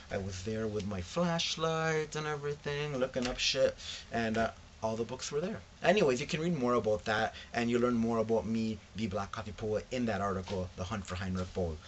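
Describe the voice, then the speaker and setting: A man's voice: lowish voice, slight background noise. A young man casually chatting in a vlog about books he found, telling the story with slangy asides and acting out what his friends said. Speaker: book vlogger.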